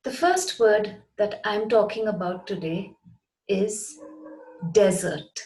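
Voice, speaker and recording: A woman's voice: medium pitch, animated, takes it slowly, a little mellow, rough recording. A woman teaching a lesson, speaking carefully and spelling words out letter by letter. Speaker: English teacher. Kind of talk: scripted English lesson.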